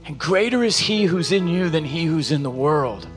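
A man's voice: on the high side, animated, moderate pace, soft background music. A man preaching a sermon as pastor, exhorting the congregation with repeated calls and rising, falling intensity. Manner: impassioned preaching with call-and-response exhortations.

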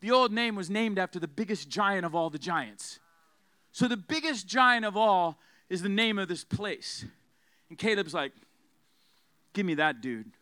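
A man's voice: high voice, animated, normal speed, sharp tone, dry recording. A man preaching a sermon with fiery emphasis, having the congregation repeat his phrases.

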